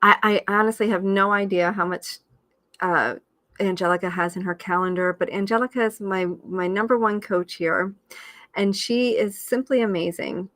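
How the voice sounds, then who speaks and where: A woman's voice: steady tone, normal speed, fairly bright tone, dry recording. A woman life coach leading a live-streamed guided session, coaxing listeners through an exercise and breaking into enthusiastic cheers. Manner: enthusiastic, bursts into high whoops and cheers.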